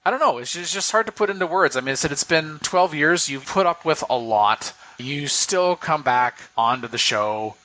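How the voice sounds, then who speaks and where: A man's voice: a little high, animated, moderate pace, hardly any pauses, pushed and bright. A man hosting a podcast, paying earnest, rambling tribute to his co-hosts with playful teasing. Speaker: podcast host. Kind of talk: casual chat, heartfelt farewell tribute.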